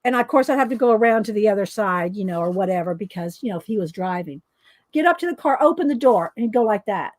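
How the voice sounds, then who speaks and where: A woman's voice: medium pitch, lively intonation, fast talker, darkish tone, dry recording. A middle-aged woman, telling rambling stories and laughing often while she colors on camera. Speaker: coloring video host. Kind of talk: casual storytelling while coloring.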